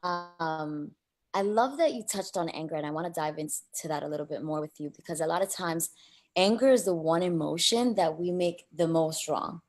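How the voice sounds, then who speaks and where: A woman's voice: deep voice, moderate pace, a little mellow, soft background music. A woman coach hosting an interview over a video call, affirming and enthusiastic.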